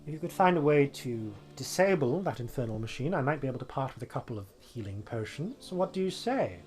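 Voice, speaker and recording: A man's voice: mid-range voice, big pitch swings, brisk, a little mellow, lightly acted. A man voicing an indignant, fussy male alchemist merchant, complaining in a pompous, aggrieved way.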